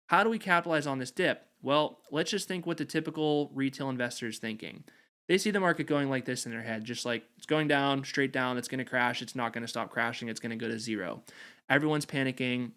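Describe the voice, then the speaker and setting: A man's voice: mid-range voice, a bit bright. A man hosting an investing channel, explaining strategy over a chart in confident, emphatic, repetitive phrasing.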